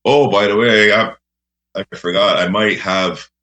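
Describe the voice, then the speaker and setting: Guest: very low-voiced man, unhurried, chuckles through goofy stories. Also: steady tone, bright, forceful tone. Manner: laughing, rambling anecdotes, says "eh". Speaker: radio host guest. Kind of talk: casual storytelling.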